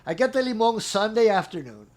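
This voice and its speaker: In an interview, a middle-aged man with a high voice moves briskly through a long personal story told casually. He's animated, playing out others' words and laughing along.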